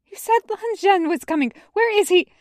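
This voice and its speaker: A woman reading a podfic, voicing a terrified young man whose shaky, high voice breaks as he pleads. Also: lively intonation, normal speed, dry recording, studio quality.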